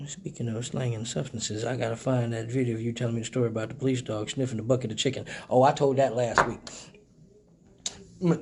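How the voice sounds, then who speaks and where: A man's voice: mid-range voice, little pitch movement, fairly quick, mellow, slight background noise. A man hosting a casual live stream, talking loosely and profanely, joking with viewers. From Michigan.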